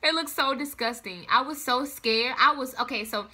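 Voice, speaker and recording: This is a young adult woman chatting to camera in a casual vlog. Her voice sits high and sounds piercingly bright. She tells her story dramatically, with lots of animation and exaggeration. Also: moderate pace, breathy edge. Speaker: vlogger.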